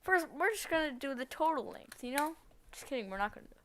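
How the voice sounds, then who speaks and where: A woman's voice: high voice, expressive, fast talker, slight background noise. A woman streaming from a room at home, talking casually while she codes, thinking aloud, rambling and correcting herself as she goes. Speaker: live streamer. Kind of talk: casual live-stream talk while coding.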